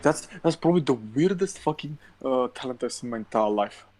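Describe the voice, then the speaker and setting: A man's voice: mid-range voice, lively intonation, brisk, darkish tone. A young man co-hosting a podcast, telling stories bluntly with heavy swearing. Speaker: podcast co-host. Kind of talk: casual chat.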